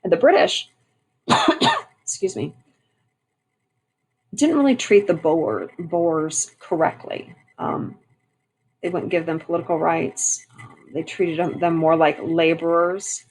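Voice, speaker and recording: In poor-quality audio, a woman speaks on the low side with a breathy edge, big pitch swings, a slow pace and long pauses. Teaching history, she moves between reading text aloud and talking it through casually, often using fillers and starting over.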